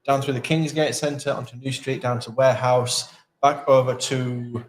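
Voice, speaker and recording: A man's voice: medium pitch, little pitch movement, moderate pace. A man co-hosting a live stream from a town event, chatting casually and running through the schedule. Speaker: co-host of a live local stream.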